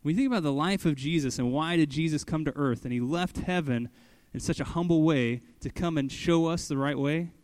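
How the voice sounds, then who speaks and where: A man's voice: on the high side, fairly quick, few pauses, a little mellow, no room sound. A young adult man giving casual Bible teaching as a pastor, conversational, often saying "like" and "okay" and voicing quoted lines with animation.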